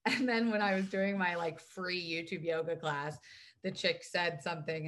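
A woman's voice: lowish voice, normal speed. A woman speaking as a podcast guest, telling candid personal stories in casual, profane conversation. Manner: candid, profane, animated storytelling.

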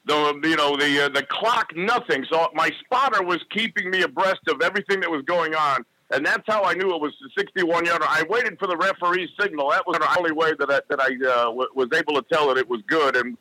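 A man who is a sports announcer, a guest on a podcast, telling a lively anecdote in a casual interview. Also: on the high side, fairly quick, hardly any pauses, no echo, low-quality recording.

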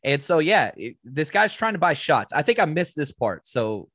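A man with a fairly high voice that swings up and down, chatting on a podcast. His humor is dry and wry, and the sound is close and dry. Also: very animated, normal speed, fairly bright tone, no room sound. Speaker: podcast co-host. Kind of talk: casual chat.

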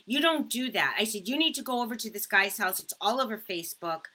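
A woman's voice: medium pitch, expressive, fast, sharp tone. A woman co-hosting a casual live chat, telling her story in an earnest, indignant way. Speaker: co-host, radio producer.

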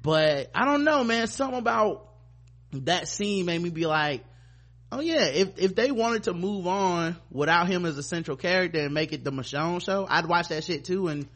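A man's voice: high-pitched, expressive, normal speed, a bit bright. A man hosting a podcast, recapping a TV episode in loose, profane casual chat and mimicking the characters as he goes. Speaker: podcast host.

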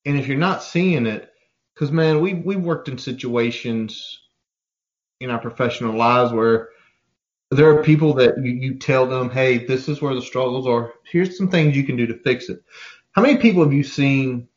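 A man co-hosting a casual sports podcast, talking in an animated, profane way and acting out quoted voices. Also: mid-range voice, moderate pace, lo-fi sound. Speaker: podcast co-host.

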